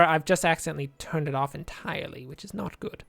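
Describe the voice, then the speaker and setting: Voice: medium pitch, fast, creaky, a bit bright, no echo, clean studio sound. A let's play gamer giving chatty game commentary, thinking aloud and drifting into jokey tangents.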